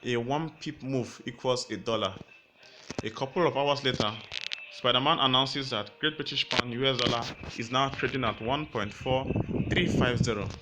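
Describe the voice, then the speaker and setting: A man's voice: mid-range voice, normal speed, noisy background. A man teaching forex trading through a casual story, sometimes stumbling over numbers. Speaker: forex educator. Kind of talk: storytelling explainer lesson. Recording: music playing underneath.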